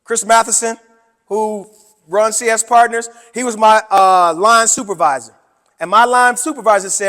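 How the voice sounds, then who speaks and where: A man presenting a workshop to teachers, with an animated, preacher-like delivery that swings between loud and soft. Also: sits high, normal speed. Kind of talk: conference talk to educators. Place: conference room. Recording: hall with long reverb.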